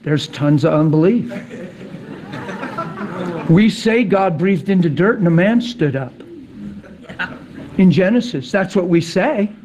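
A man preaching a sermon, telling stories dramatically, sinking to a whisper and then rising to excited peaks. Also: sits high, dull audio.

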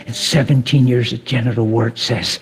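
A man preaching a sermon, telling stories dramatically, sinking to a whisper and then rising to excited peaks. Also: medium pitch, normal speed.

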